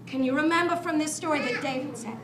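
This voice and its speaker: A woman's voice: sits high, quick pace, noisy background. A woman storyteller leading children in an upbeat chanting memory game. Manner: upbeat, leads group chants and clapping. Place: library room. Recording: echoey room.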